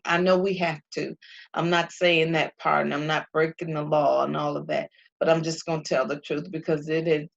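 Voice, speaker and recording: A woman's voice: sits low, gravelly. A middle-aged woman giving an emphatic, heartfelt faith talk to her viewers, repeating phrases with a preacher-like cadence. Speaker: faith vlogger. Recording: dull lo-fi recording.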